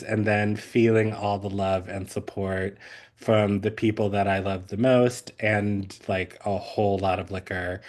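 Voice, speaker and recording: A man in his thirties chatting on a podcast, rambling and full of fillers, often laughing. His voice sits fairly low and he takes his time. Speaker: podcast co-host. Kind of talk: casual chat.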